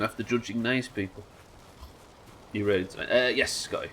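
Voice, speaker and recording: A man's voice: on the low side, fairly even intonation, quick pace, a bit bright, a little hiss or hum. A man with a Yorkshire accent chatting casually and swearing freely while streaming a game. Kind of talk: casual live-stream chat while gaming.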